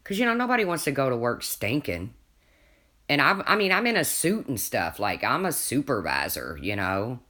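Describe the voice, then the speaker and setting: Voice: medium pitch, big pitch swings, normal speed, pushed and bright. A livestreamer in casual chat, telling a rambling story and answering viewers' comments, often restarting sentences and laughing along.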